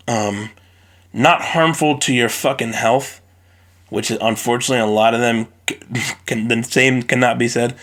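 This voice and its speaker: Guy ranting solo into his phone for a podcast, lots of cussing, worked up, mid pitch. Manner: animated, profane, ranting. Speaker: podcast host.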